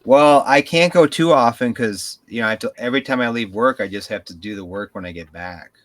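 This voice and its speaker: A podcast co-host chats casually, his mid-range voice moving a little fast as he spins rambling, animated stories packed with profanity.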